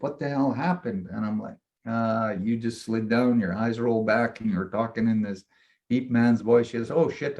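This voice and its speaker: Man telling a rambling story, lo-fi. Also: on the low side. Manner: rambling, animated retelling with frequent "I'm like". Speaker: shaman and mentor. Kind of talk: casual storytelling in a conversation.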